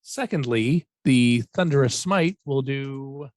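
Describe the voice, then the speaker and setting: A man's voice: medium pitch, no echo. Guy player at a tabletop game, dry close mic, walks through his attack step by step. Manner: deliberate, reads out rules step by step.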